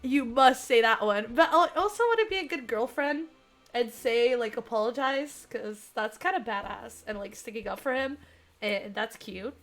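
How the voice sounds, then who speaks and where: A young woman streaming, reading a dating game aloud and chatting with viewers, excitable with squealing laughs. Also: on the high side, moderate pace, faint music behind.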